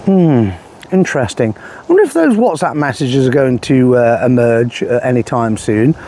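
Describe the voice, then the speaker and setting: A man's voice: mid-range voice, very animated, normal speed, warm tone, slight background noise. A man giving a sarcastic political commentary monologue, scornful and rambling with many fillers.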